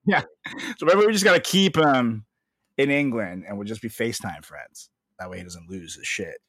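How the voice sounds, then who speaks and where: A young man co-hosting a podcast in casual, jokey chat, often trailing off quietly. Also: mid-range voice, animated, normal speed, slightly rough, no echo, studio quality. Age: young adult. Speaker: podcast co-host.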